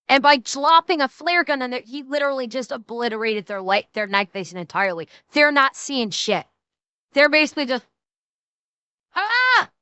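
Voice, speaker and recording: Bright, high-voiced swearing woman streamer. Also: clear, resonant tone, no room sound. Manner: animated, swears freely, laughs a lot. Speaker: streamer reacting to a video. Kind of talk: live reaction commentary.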